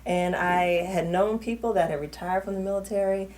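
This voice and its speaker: A woman's voice: fairly low pitch, fairly even intonation, moderate pace, a little mellow. A middle-aged woman from New Orleans with a New Orleans accent, a guest on a talk show, speaking candidly and with animation. She laughs often and restarts her sentences as she talks. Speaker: talk show guest, retired Army officer. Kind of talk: casual interview conversation.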